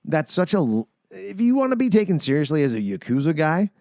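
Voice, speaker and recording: Male podcast host, sarcastic plot recap, very lively pitch, dry close mic. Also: a little fast, vocal fry, no echo. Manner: animated, mocking, acts out characters' lines. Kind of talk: casual movie-review chat.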